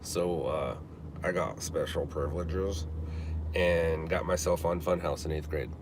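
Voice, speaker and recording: Speaking at a measured pace in a low voice with fairly even intonation, this forties-aged man rambles casually through a live stream from his car. He fills his talk with fillers and restarts, and traffic can be heard in the background.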